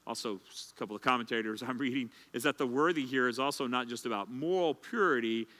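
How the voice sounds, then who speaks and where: A male pastor leads a Bible study in a loose, conversational manner. He tells personal stories with many fillers and restarts. His voice is bright and forceful, at a middle pitch. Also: fast. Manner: conversational, anecdotal, with filler words.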